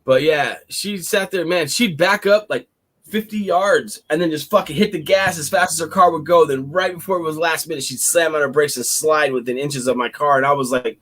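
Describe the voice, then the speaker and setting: Excitable, foul-mouthed man telling a story. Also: on the high side, a little fast. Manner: animated, profane, excitable storyteller. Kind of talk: casual storytelling chat.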